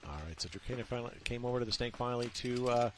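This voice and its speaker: A man doing live play-by-play sports commentary, quick and excitable as the action happens. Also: mid-range voice.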